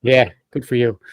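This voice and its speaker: A man hosting a podcast, reading a prepared script quickly with chatty asides and self-corrections. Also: medium pitch, husky, no room sound, clean studio sound. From Ireland. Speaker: podcast host.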